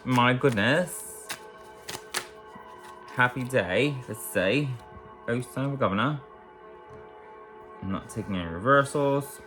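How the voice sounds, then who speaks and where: A man giving a casual tarot reading to camera, rambling and repetitive with warm, affirming lists of praise. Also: medium pitch, expressive, unhurried, pauses often, faint music behind. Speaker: tarot reader.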